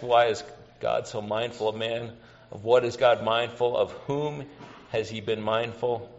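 A man's voice: mid-range voice, highs cut off. A man preaching a sermon to his congregation, earnest and personal, repeating key questions. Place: church hall.

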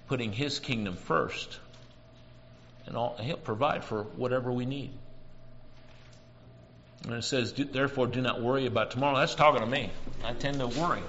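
Male preacher, earnest and plainspoken, mid-pitched, faint hiss on a muffled recording. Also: gravelly, fairly bright tone. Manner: earnest, personal, repeats key questions. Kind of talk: sermon. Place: church hall.

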